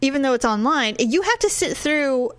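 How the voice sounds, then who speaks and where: A middle-aged woman co-hosting a podcast, telling a story in casual chat, laughing often and swinging her pitch wildly when she quotes people. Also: lively intonation, normal speed, fairly bright tone, no echo. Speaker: podcast co-host.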